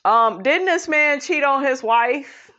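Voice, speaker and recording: A woman's voice: lively intonation, slow, sharp tone. A woman giving blunt, sassy and profane celebrity gossip commentary as a vlogger. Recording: dull low-fi audio.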